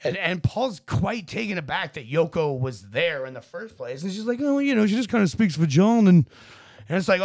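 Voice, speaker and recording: A man's voice: high-pitched, sing-song, normal speed, darkish tone. A man on a casual podcast, rambling and swearing as he acts out quotes in voices. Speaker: podcast co-host.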